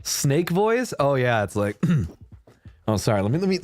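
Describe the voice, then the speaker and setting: A young man chats casually on a livestream with a lively, swooping pitch. He laughs often and swears without a second thought. Quiet music sits faintly behind him. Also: measured pace. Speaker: streamer.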